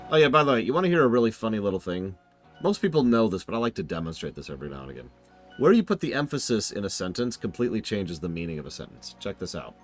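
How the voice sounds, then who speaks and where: Animated, jokey male streamer. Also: lowish voice, fast, faint music behind. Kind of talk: casual gameplay commentary.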